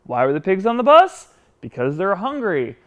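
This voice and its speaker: A man teaching children how to say their sounds, with a lively voice that rises and falls widely. He talks straight to the boys and girls at home with patient, animated encouragement. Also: high voice, normal speed, muffled recording. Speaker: children's speech teacher and show host. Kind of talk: children's educational show.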